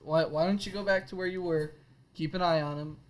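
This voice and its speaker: A man's voice: on the high side, steady tone, fairly quick. A man playing a tabletop game as a player, talking playfully and laughing often. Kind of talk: tabletop role-play.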